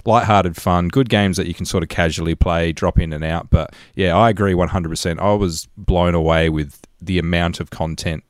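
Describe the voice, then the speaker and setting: Deep-voiced easygoing man, dry sound. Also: steady tone, moderate pace, hardly any pauses, no echo. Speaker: podcast co-host. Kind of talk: casual chat.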